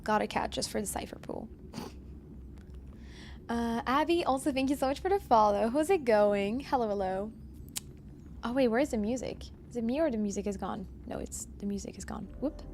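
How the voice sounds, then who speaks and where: A woman's voice: a little high, normal speed, long pauses, a little mellow, a little hiss or hum. A woman live-streaming from home, chatting casually and answering viewers as she plays. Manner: chatty, reads chat aloud and answers viewers.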